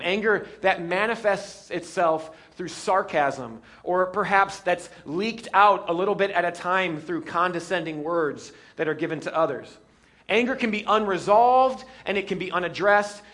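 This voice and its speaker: A male pastor preaching a sermon with a bright, high-pitched voice. He keeps the congregation amused with jokes and acts out scenes as he goes. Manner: lively, joking, acts out scenes.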